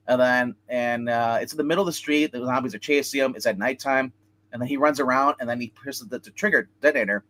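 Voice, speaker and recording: Man, film review co-host, casual rambling chat, acts out quotes, mid pitch. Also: a bit bright. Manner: rambling, retells scenes with acted-out quotes. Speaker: movie review show co-host.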